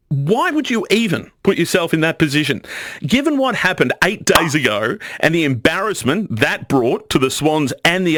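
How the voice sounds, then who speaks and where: A man's voice: on the high side, fairly bright tone, no room sound. A man presenting a news story in a stern, disapproving tone.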